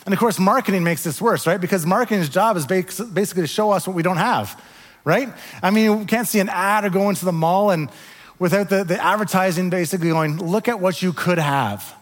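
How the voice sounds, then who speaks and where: A man preaching a sermon, animated when telling the story and dropping to soft, quiet tones. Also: high voice, fast, long reverb tail. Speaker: pastor.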